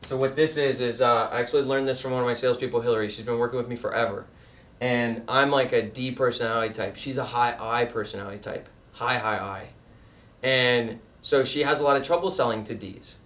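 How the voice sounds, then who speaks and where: A man giving a casual sales lesson in a middle-pitched voice, emphatic and conversational. He sounds a little distant from the microphone. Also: steady tone, brisk, fairly bright tone, echoey room. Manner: conversational and emphatic, acts out customer types. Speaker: sales trainer and painting business owner. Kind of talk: casual instructional talk. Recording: voice a bit distant from the mic.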